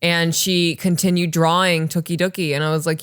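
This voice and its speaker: A woman in her thirties co-hosting a podcast, reading listener stories and chatting casually, animated and swearing freely. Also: on the low side, moderate pace, few pauses, clean tone. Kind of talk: casual chat and story reading.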